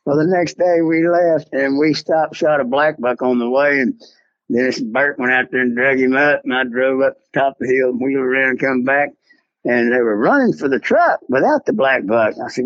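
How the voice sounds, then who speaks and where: A man's voice: medium pitch, normal speed, a bit bright, no echo, dull audio. An older man with a Texan accent, telling a rambling story as an interview guest. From South Texas. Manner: drawling, rambling storyteller, acts out voices in quotes.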